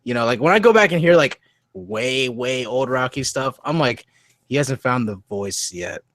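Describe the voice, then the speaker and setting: A man co-hosting a casual wrestling podcast, excitable and jokey, swearing and mimicking wrestlers as he talks. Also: mid-range voice, moderate pace, dry recording. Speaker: podcast co-host.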